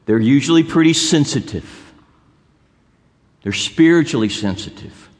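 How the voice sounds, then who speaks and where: A male pastor preaching a sermon in a church sanctuary, building to emphatic repetition. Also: medium pitch. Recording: long hall reverb.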